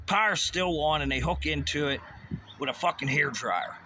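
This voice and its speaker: A man with a fairly high voice rants in an agitated, rambling way and swears constantly. The recording carries clear background noise behind him. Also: moderate pace, pushed and bright. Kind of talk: angry rant. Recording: noisy background.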